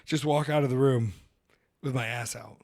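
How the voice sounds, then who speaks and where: A man's voice: mid-range voice, normal speed, gravelly, a little mellow, dry recording, studio quality. A man hosting a podcast in casual chat, telling rambling, jokey stories about wrestling.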